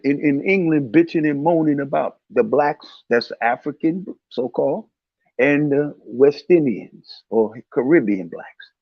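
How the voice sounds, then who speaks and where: A man's voice: a little high, dry recording. Heated preachy man, dull lo-fi sound. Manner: heated, preachy, repeats himself. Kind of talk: casual religious commentary.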